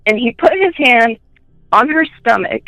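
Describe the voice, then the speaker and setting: A woman telling personal ghost stories in a chatty way, full of fillers, and switching into high voices when she quotes people. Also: animated, measured pace, a bit bright, no echo, rough recording. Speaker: guest.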